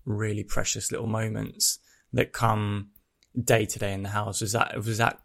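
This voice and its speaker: A man co-hosting a podcast, asking his guest gentle, probing questions. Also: fairly low pitch, vocal fry. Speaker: podcast co-host.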